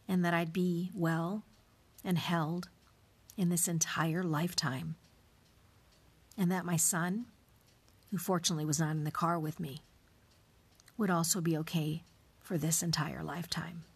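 A woman tells her own story as a podcast host in a reflective, carefully scripted voice. Her voice sits a little low. She sometimes drops to a soft whisper. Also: fairly even intonation, measured pace, long pauses, slightly rough.

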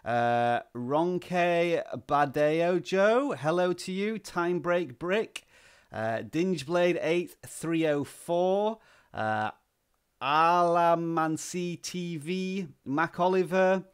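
A man hosting a live stream, greeting viewers by name and talking at a slow, relaxed, deliberate pace with plenty of "uh" fillers, into a desk microphone. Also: fairly high pitch, clean tone. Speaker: livestream host. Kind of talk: live-stream chat, reading out viewer names.

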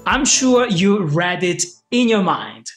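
Speaking slowly in a high, sing-song voice, an Italian-accented English teacher in his thirties delivers a scripted lesson straight to camera. He stays upbeat, direct and encouraging, with soft music playing underneath.

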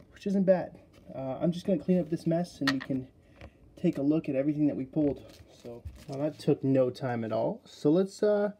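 A man hosting a casual card-opening video, chatty and excitable as he talks straight to his viewers. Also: medium pitch, slightly rough. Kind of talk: casual unboxing commentary.

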